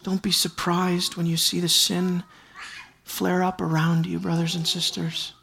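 Slow, emphatic preacher. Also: mid-range voice, completely flat delivery, vocal fry, fairly bright tone, a little hiss or hum. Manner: emphatic preaching, repeats key words for stress; addresses the congregation directly. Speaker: pastor. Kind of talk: sermon.

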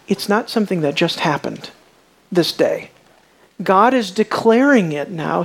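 Slow, deliberate preacher. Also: mid-range voice, gravelly. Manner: asks the listeners questions and repeats words while thinking; shifts between hushed, almost whispered lines and raised, emphatic ones. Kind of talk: sermon.

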